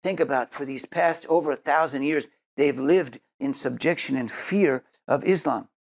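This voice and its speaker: With a voice a little on the high side and a moderate pace, a Messianic Jewish preacher teaches earnestly, repeating words while searching for them before closing in prayer.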